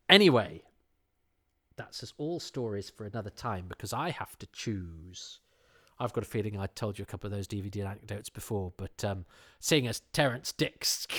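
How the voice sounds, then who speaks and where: A man's voice: medium pitch, fairly bright tone. A middle-aged man hosting a podcast, chatting casually in a rambling way with many restarts. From England. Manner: rambling, self-interrupting, with frequent fillers and restarts. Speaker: podcast host.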